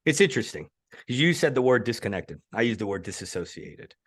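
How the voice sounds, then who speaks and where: Brief: male podcast host, casual and animated, loose restarts, mid pitch. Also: fairly quick, breathy edge. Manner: animated, swooping pitch, frequent self-restarts. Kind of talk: casual interview chat.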